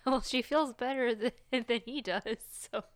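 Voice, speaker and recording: A woman's voice: on the high side, unhurried, dry recording. A woman playing a tabletop game, speaking soothingly and giggling as she describes her character. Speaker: player.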